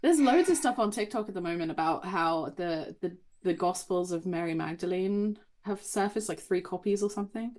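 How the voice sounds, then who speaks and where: A woman author as a guest on a podcast, chatting casually and telling animated, rambling stories. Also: lowish voice, normal speed, hardly any pauses, a little hiss or hum. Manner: animated, tangential storyteller who swears casually.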